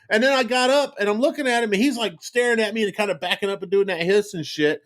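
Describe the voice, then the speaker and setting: Profane, rambling middle-aged podcast host. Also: male voice, very high voice, fairly quick, hardly any pauses, a bit bright. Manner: profane, rambling storyteller with frequent restarts. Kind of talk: casual podcast chat.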